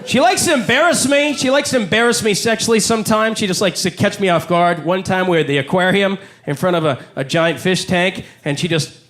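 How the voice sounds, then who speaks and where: A man's voice: high-pitched, a little fast, hardly any pauses, fairly bright tone. A man in his forties performing a live stand-up set, telling brash, profane stories. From Canada. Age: 40s. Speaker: stand-up comedian. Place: comedy club.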